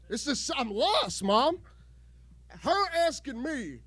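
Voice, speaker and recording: A man with an unusually high, light voice performs crude stand-up, rambling and restarting his sentences. The sound is close and dry, with almost no room echo. He does his set at a home garage show before a live crowd. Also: big pitch swings, takes it slowly, fairly bright tone. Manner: crude, rambling jokes with repeated false starts. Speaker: stand-up comedian.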